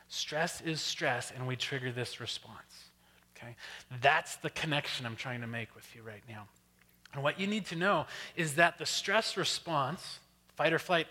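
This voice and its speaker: A man giving an animated storytelling workshop talk, often checking in with the audience. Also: a little high. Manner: animated, keeps asking "right?". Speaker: workshop presenter. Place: church hall. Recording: long hall reverb.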